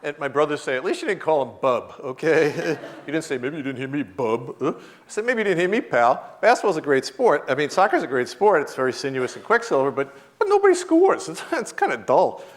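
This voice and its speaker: A man's voice: fairly high pitch, lively intonation, fairly quick. A man in his fifties giving a university lecture as a comic storyteller, acting out the voices in his anecdotes and laughing often. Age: 50s. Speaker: guest lecturer.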